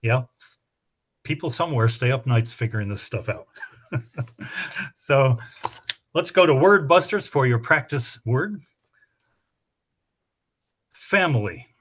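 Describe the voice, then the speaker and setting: A middle-aged man running a spelling bee, his voice sitting at an ordinary middle pitch. He explains the rules at length and reads out each word with a sample sentence. His manner is chatty and explanatory, with dry humor. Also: expressive, slow pace, pauses often, fairly bright tone. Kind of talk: reading rules and practice words to teams.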